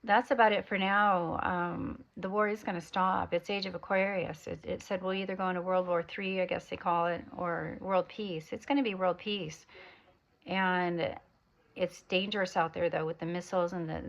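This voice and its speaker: An American woman with a low, gravelly voice talks to her viewers in a loose, wandering spiritual monologue, filling gaps with ums and uhs. The recording sounds dull and lo-fi. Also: level tone, normal speed. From United States. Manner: meandering, drifting between topics with many fillers. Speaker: spiritual vlogger.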